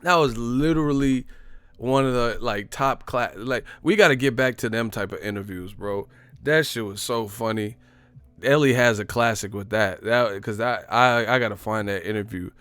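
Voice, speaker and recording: Man, casual boxing talk, animated storyteller, dry close sound. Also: mid-range voice, normal speed, clear, resonant tone, no room sound. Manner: animated storytelling, acts out quotes, laughs often. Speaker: boxing commentary host.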